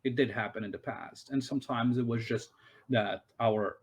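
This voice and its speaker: A man acting as game master, answering players' questions in a halting way with many fillers and restarts. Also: medium pitch, slightly rough. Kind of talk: narrating a tabletop game.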